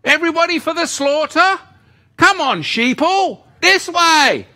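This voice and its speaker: A man's voice: very high-pitched, expressive, measured pace, sharp tone, voice pushed up, full character voice. A man voicing a gullible crowd in a sing-song, cheerfully foolish way. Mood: mocking. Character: shrill mocking voice of gullible conforming crowd.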